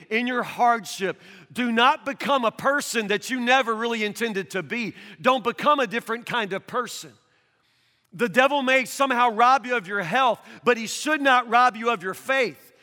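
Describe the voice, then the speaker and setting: High, bright-voiced preacher in a reverberant hall. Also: male voice. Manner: earnest, repeats words when pressing a point, rises to near shouting. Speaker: pastor. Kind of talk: sermon. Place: church hall.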